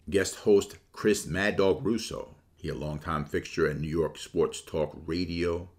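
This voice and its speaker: Man, very low voice, casual sports opinion monologue, animated asides. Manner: casual, animated, jumps to high mocking voices for quotes. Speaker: sports commentator.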